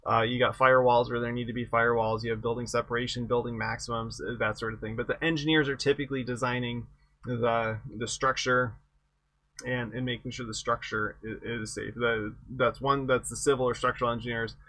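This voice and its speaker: A man's voice: medium pitch, level tone, a little fast, sharp tone, no room sound. A middle-aged man lecturing an engineering exam review, conversational and self-correcting, with wry humor about past projects. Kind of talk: lecture with anecdotes.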